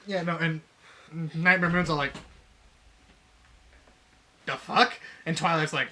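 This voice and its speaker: Brief: male co-host, bright and somewhat high voice, laughing, profane, acts out quotes in casual chat. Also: fairly even intonation, fairly quick, a little hiss or hum. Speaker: podcast co-host. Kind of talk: casual chat retelling a fanfic.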